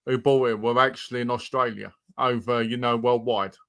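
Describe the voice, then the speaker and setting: A man's voice: mid-range voice, steady tone, normal speed, creaky, fairly bright tone, clean tone, dry recording. A man co-hosting a casual chat, pressing with direct questions. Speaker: co-host.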